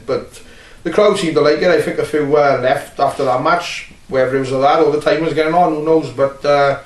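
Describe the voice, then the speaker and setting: A Welsh man recalls his wrestling career in a loose, meandering way, full of pauses and blunt remarks. His voice sits at an ordinary pitch and sounds roomy and set back from the microphone. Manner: rambling, blunt, many filler pauses. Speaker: wrestler being interviewed. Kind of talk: casual shoot interview. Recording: roomy, distant mic.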